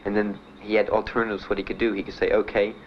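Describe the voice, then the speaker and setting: A young man giving halting, plain spoken testimony as a war veteran, with many pauses and fillers. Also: lowish voice, flat delivery. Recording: muffled 1970s archive recording with faint hiss.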